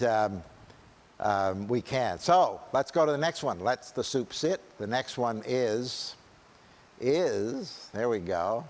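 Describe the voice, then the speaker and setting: A man gives a church seminar in a mid-range voice, talking casually and often checking in with "right?" His sentences break off and restart as he goes. The sound carries the long reverb of a large meeting hall. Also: mid-range voice. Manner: conversational, often asks "right?", frequent restarts.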